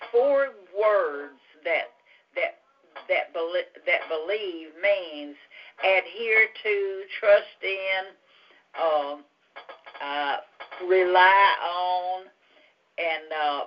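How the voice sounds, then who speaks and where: A woman leading a Bible study and prayer, talking gently and haltingly with many fillers. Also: lowish voice. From Louisiana. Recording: muffled lo-fi audio.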